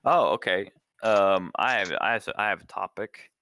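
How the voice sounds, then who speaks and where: A man chatting casually as a podcast guest over a voice call, pausing and restarting his sentences often. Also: lowish voice, sharp tone, no room sound, rough recording. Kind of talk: casual chat.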